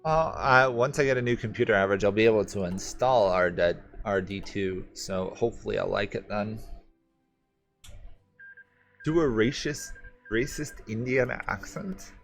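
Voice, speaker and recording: A man streaming a strategy game, thinking aloud in a relaxed, rambling way and answering chat questions. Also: lowish voice, moderate pace, soft background music. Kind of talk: casual gameplay commentary.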